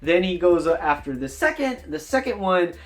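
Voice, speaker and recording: A man vlogging about running a tabletop game, telling the story in an enthusiastic, animated way. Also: high-pitched, moderate pace. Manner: animated, enthusiastic, jumps between voices. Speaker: dungeon master, tabletop gaming vlogger. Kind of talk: casual storytelling vlog.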